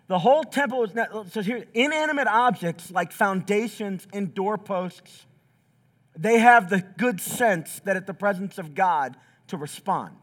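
A man's voice: sits high, a bit bright. A pastor preaching a sermon in a church, acting out quotes with big swings in his voice. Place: church sanctuary.

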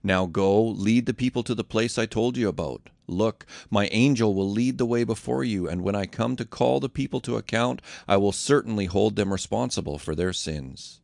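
Man doing a wrathful commanding god, low gravelly voice, raised for the part, dry read. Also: normal speed, few pauses, darkish tone, no room sound. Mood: stern. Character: the Lord, commanding divine male voice, wrathful.

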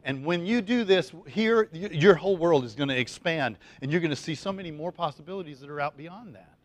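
Chatty pastor with a higher male voice. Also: expressive, brisk, dry recording. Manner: chatty, folksy, lots of fillers and restarts. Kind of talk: conversational sermon.

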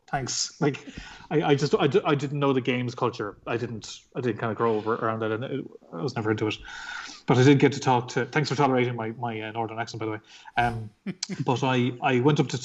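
A man's voice: medium pitch, lo-fi sound. An Irish man, a comic book artist, telling his story in a casual interview, rambling with lots of fillers and swearing. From Ireland.

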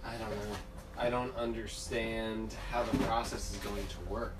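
A man's voice: fairly low pitch, flat delivery, unhurried, heavy background noise. A man co-hosting a casual podcast chat, dropping sarcastic, wry remarks.

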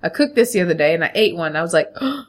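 A woman co-hosting a podcast, chatty and animated, laughing often in casual chat. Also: on the low side, very fast. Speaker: podcast co-host.

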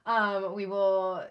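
A woman's voice: mid-range voice, clean tone, highs cut off. A woman co-hosting a podcast in casual chat, laughing often and filling with likes and ums. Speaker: podcast co-host.

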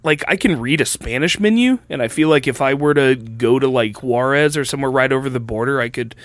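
A man's voice: mid-range voice, fairly quick, no room sound. A young man telling a story in casual podcast chat, rambling with many fillers.

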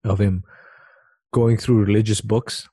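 A man's voice: on the low side, level tone, a little slow, warm tone, husky, dry recording. A man with a slight lisp from a knocked tooth, chatting casually and rambling, often restarting his sentences. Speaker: conversation partner. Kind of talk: casual chat.

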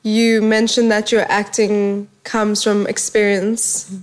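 A woman's voice: mid-range voice, little pitch movement, takes it slowly. Woman host, affirming and encouraging, mid-range voice. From South Africa. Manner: warmly encouraging, affirming listener. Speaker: podcast host. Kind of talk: conversational interview.

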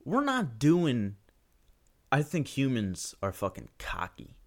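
A man's voice: medium pitch, wildly swooping pitch, takes it slowly. A young man ranting profanely and sarcastically through a solo podcast monologue.

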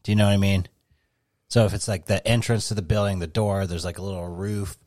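A man's voice: sits low, steady tone, fast, darkish tone, dry recording, clean studio sound. A man co-hosting a podcast, telling a rambling, swear-heavy story in casual chat. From New England. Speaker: podcast co-host.

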